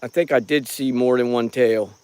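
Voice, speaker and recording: On a handheld phone outdoors at night, a middle-aged paranormal watcher chats on a live stream from rural land, greeting viewers by name in a rambling, folksy manner. His medium-pitched voice is fairly even in intonation and normal in speed, with a darkish, clean tone and no room sound.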